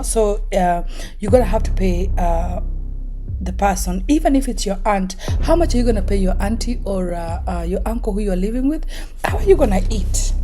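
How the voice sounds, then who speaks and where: This storytelling vlog features a middle-aged woman from Kenya whose mid-range voice has a dark tone, with a little hiss or hum on the recording. Speaking with a Kenyan accent, she laughs a lot and mimics the voices of the people she quotes in a casual monologue.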